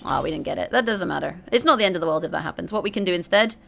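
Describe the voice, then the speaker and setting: Gravelly low-voiced woman narrating gameplay. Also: animated, rapid-fire, a bit bright, slight background noise. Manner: chatty, explains strategy to viewers as she plays; often corrects herself mid-sentence. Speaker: gaming video host. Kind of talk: card game play-through commentary.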